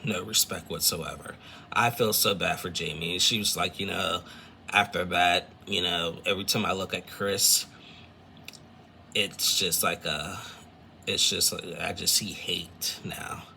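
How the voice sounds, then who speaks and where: A man's voice: low-pitched, fairly even intonation, a little slow, creaky, sharp tone, slight background noise. A man casually recapping a reality show episode, rambling with lots of fillers and retold quotes. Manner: rambling, filler-heavy, retells scenes with quotes.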